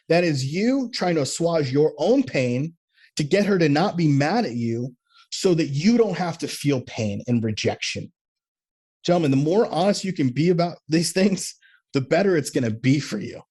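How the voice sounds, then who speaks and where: A man leading a men's coaching group call, talking earnestly and acting out little quoted exchanges. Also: on the high side. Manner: earnest, animated, acts out quotes.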